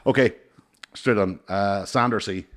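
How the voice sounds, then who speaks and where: A man's voice: fairly low pitch, measured pace. A man hosting a casual podcast chat, a comedian telling stories animatedly and swearing often. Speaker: podcast host and stand-up comedian.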